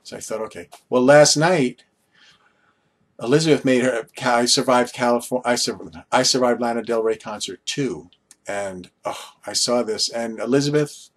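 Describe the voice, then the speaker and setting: A vlogger from Long Island, New York, with a local accent, talks casually to the camera, meandering through stories full of asides and restarts. His voice is medium-pitched at a moderate pace.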